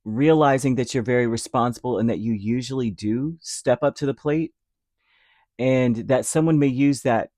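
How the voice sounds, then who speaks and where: A man's voice: medium pitch, normal speed, mellow, dry recording, studio quality. A man giving a casual tarot reading, rambling with many fillers and slipping into short acted-out quotes. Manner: rambling, filler-heavy, acts out little imagined quotes. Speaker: tarot reader.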